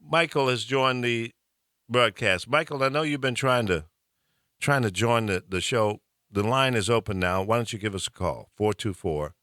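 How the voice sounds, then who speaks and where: A man's voice: medium pitch, moderate pace, a bit bright, dry recording, clean studio sound. A middle-aged man from the American South hosting a call-in talk show, ranting animatedly and preachily. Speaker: host.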